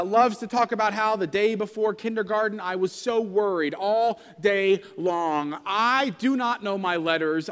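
A man's voice: high voice, a bit bright, in a large hall. A pastor in his thirties preaching a sermon in a conversational, self-deprecating storytelling way.

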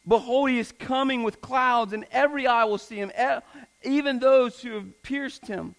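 High-voiced earnest male preacher. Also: moderate pace, creaky, poor audio. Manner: earnest, repeats phrases for emphasis. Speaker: pastor. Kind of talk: sermon.

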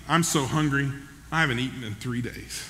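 A man's voice: mid-range voice, normal speed, bright, forceful tone, slight background noise, close to an everyday voice. A man voicing a hungry, frightened escaped convict who pleads, heard in a reverberant hall. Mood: pleading. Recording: long reverb in a large hall.

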